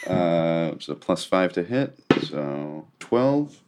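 Slow deep-voiced man over noise. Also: very animated, music in the background. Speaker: player. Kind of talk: tabletop role-play. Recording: clear background noise.

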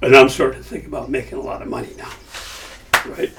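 An older man spins a story in casual conversation, slipping into the voices of the people he quotes. His voice sits at an ordinary pitch and comes across from slightly off the microphone. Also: fast, recorded from a distance, noisy background. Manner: animated storyteller acting out quoted dialogue. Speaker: guest.

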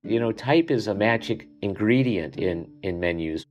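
A man's voice: on the low side, lively intonation. Upbeat older man explaining his trade. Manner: upbeat, brisk explanations, listing things off. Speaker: menu consultant. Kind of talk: interview answers.

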